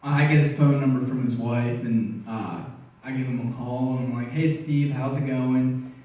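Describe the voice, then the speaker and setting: A young man giving a personal testimony at a church service, telling his story with excitement and acting out conversations with frequent laughter. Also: medium pitch, moderate pace, far from the mic. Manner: earnest, excitable, laughing often. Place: church sanctuary. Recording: echoey church, voice off-mic.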